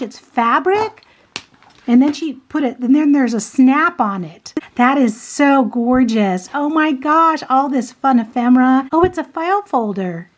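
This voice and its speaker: A woman chatting casually to her viewers as she unboxes craft mail, gushing and excited, with frequent gasps and exclamations. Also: a little high. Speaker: craft vlogger.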